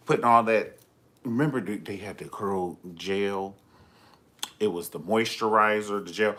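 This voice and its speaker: A man hosting a livestream from home, telling stories in a sassy, profane, animated way. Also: fairly low pitch. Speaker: livestream host. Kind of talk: comedic storytelling.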